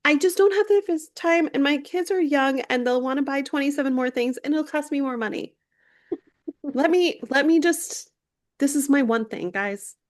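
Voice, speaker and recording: A woman's voice: high-pitched, animated, normal speed, dry recording. Chatty woman podcaster, dry sound. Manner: chatty gossip recap, lots of "like" fillers. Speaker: podcast co-host. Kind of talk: casual chat.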